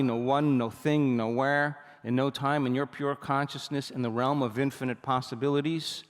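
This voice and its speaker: A man giving a motivational seminar talk, telling stories with animated energy and often checking that the audience is with him. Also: mid-range voice, long reverb tail. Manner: animated storytelling, repeatedly asks the audience for agreement. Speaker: seminar speaker.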